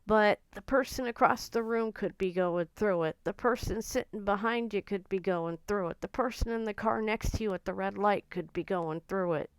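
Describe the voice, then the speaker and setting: A woman vlogger talking in an earnest, gentle and confiding way about her own feelings. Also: medium pitch, normal speed, hardly any pauses, smooth, no echo. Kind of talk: personal reflective talk to camera.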